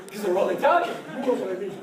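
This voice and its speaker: A middle-aged man from Ottawa, a professor, telling a lively anecdote with frequent laughs and asides of "right?". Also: high voice, very fast. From Ottawa, Canada. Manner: animated, laughs often, keeps asking "right?". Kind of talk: storytelling anecdote. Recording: echoey room, distant mic, crowd chatter.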